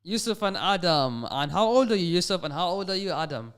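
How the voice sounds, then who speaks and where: A man's voice: high-pitched, expressive, a little fast, fairly bright tone, a little hiss or hum. A man hosting a live radio call-in show. He is patient and encouraging with young callers and peppers his speech with religious phrases. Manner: sprinkles Islamic phrases through his talk.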